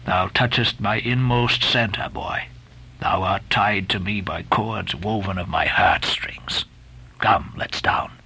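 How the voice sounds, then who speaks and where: A man's voice: a little high, animated, a little slow, pushed and bright, full character voice. A man voicing a stern, brooding old whaling captain who speaks in grand, commanding old-fashioned lines. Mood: hushed brooding.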